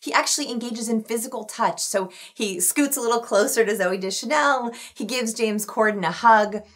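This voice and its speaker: A woman's voice: a little high, moderate pace. A woman hosting a video on likability, explaining clips and coaching the viewer in an upbeat, instructive way. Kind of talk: scripted explainer to camera.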